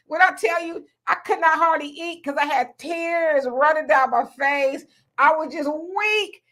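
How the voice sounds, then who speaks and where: A woman co-hosting a casual talk show, telling an animated story. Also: high-pitched, a little slow. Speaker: co-host.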